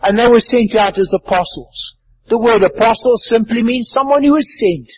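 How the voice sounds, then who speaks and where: A man's voice: very high voice, a little mellow, a little hiss or hum. An older man with a South African accent preaching a sermon, telling stories in an earnest, emphatic way. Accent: South African English. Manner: earnest storytelling, slow and emphatic. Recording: dull lo-fi sound.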